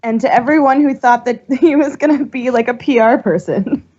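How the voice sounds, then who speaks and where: A woman co-hosting a fan podcast, talking casually in an excitable, rambling way with lots of laughter. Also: fairly high pitch, normal speed. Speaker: podcast co-host. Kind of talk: casual chat. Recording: dull lo-fi podcast audio.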